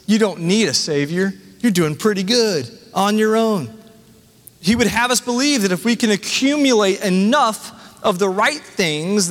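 A man's voice: high voice, a bit bright, in a large hall. A man in his thirties, a pastor preaching a sermon and reading scripture with personal asides.

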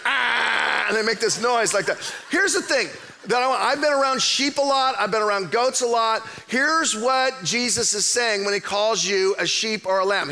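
A middle-aged man preaching in a church auditorium with a high, bright, forward voice. He delivers his sermon in a playful, animated way, dropping to hushed asides and then building to near-shouts. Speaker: pastor.

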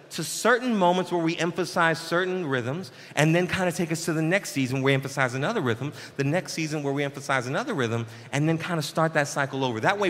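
A man preaching a casual, conversational sermon as pastor, with slangy, animated asides. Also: on the high side, big-room sound. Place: church sanctuary.

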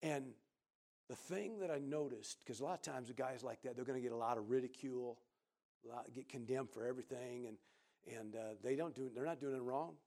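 Gravelly preacher telling a story. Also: male voice, mid-range voice, a little fast. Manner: animated storyteller who acts out quoted voices loudly. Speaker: pastor. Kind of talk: sermon storytelling.

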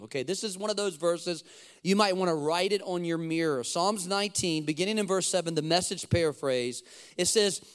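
A man preaching a sermon in church, calling on the congregation to repeat lines back and slowing down to read scripture aloud. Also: fairly high pitch, clear, resonant tone. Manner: emphatic preaching with call-and-response to the congregation; slows down for scripture readings. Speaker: pastor. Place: church sanctuary.

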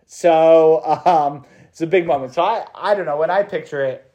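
A man's voice: a little high, moderate pace, dark tone, dull audio. A male priest preaching a meditation to students in a casual, chatty way, with slang and laughter.

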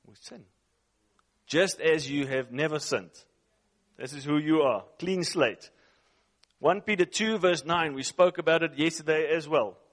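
A male preacher delivering a sermon in English, his second language. His voice sits slightly high. He is emphatic, repeats his points and keeps questioning his listeners. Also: unhurried, long pauses. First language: not English. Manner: emphatic, repeats phrases, asks the audience questions.

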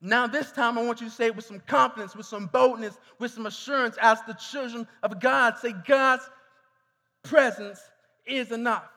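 A man's voice: very high voice, steady tone, brisk, hardly any pauses, pushed and bright. A man preaching a sermon, repeating phrases and calling on the congregation to answer back. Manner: repeats himself, calls on congregation to respond. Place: church hall. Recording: reverberant hall.

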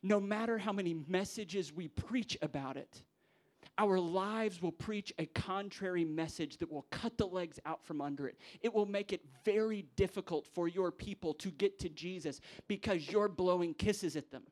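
A young man, a pastor preaching a sermon to church leaders, acting out quoted voices with big jumps in pitch. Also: normal speed, a little mellow. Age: young adult.

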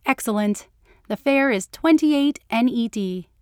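A woman reading a story voices a cheerful talking taxi car with a bright, announcer-like manner. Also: on the high side, lively intonation, unhurried, clean tone, no room sound, studio quality.

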